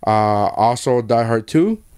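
A man co-hosting a casual chat, animated and swearing freely, stumbling over restarts. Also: mid-range voice, takes it slowly, clear, resonant tone, no room sound, studio quality. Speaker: podcast co-host.

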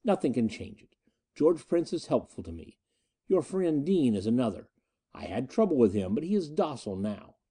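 A calm and menacing pirate chief, as a male narrator puts him on, his lines coming in a measured, matter-of-fact tone. The voice is dark and mellow, yet it rises and falls freely through each threat. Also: medium pitch, breathy edge. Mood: cold, menacing. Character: cunning ruthless male space-pirate leader, calm and menacing.

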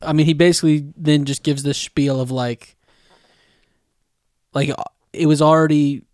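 Jokey young man, fairly high voice. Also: steady tone, normal speed, a little mellow, no room sound, studio quality. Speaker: podcast co-host. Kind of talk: casual recap chat.

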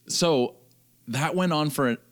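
A young man casually telling a story on a podcast, animated and jumping higher for the voices he quotes. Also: extremely slow.

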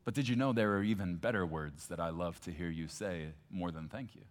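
Pastor guy preaching, lowish voice, gets loud then goes real quiet, long echo in a big church. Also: brisk, few pauses. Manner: passionate, swings from loud to hushed. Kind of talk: sermon. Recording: long hall reverb, faint guitar.

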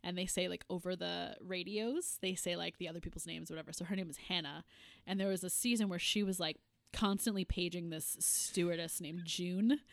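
Young woman podcast co-host, lowish voice, dry close sound, loose and rambling. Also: steady tone, fairly quick, gravelly, dry recording. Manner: rambling, filler-heavy, laughs often. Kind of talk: casual chat.

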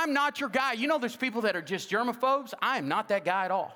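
Animated pastor with a bright, high voice. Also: male voice, fast, hardly any pauses, long reverb tail. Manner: jokey, animated, acts out quoted dialogue. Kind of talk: humorous sermon with storytelling. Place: church sanctuary.

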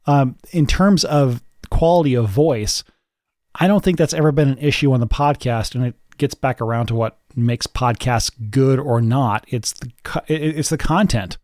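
A man's voice: medium pitch, normal speed, darkish tone, no echo. A man co-hosting a podcast in casual chat, rambling with frequent restarts. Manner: rambling, many restarts, dry quips. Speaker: podcast co-host and audio editor.

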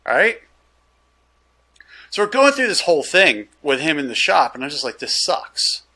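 A man's voice: on the high side, moderate pace. A man, a gun dealer, telling a story in casual chat and acting out the dialogue. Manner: animated, loose storyteller who acts out the dialogue.

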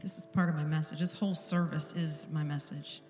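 A woman's voice: sits low, fairly even intonation, brisk, darkish tone, reverberant, long reverb tail, faint music behind. A woman pastor giving an earnest, intimate sermon in a church, at times dropping to a whisper. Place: church sanctuary.

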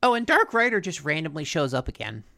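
A woman's voice: low voice, big pitch swings, quick pace, vocal fry, pushed and bright. A woman co-hosting a casual chat, recapping a cartoon episode in a rambling way with lots of fillers and restarts. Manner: rambling, filler-heavy storytelling with frequent restarts.

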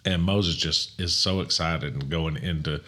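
A man, a pastor co-hosting a casual faith podcast, who gets animated and climbs higher in pitch as he gets excited. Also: measured pace.

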